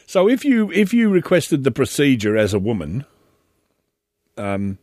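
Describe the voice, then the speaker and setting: A man's voice: mid-range voice, wildly swooping pitch, a little slow, darkish tone, no echo, studio quality. An Australian man hosting a casual solo monologue, chatty and rambling, often breaking off to restart his sentences. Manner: rambling and chatty, with many self-interruptions and restarts.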